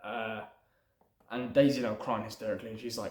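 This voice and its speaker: A man's voice: fairly low pitch, little pitch movement, brisk, a little mellow, echoey room. Rambling man talking through his script. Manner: rambling, thinks aloud with many fillers. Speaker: aspiring screenwriter. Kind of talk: casual script breakdown.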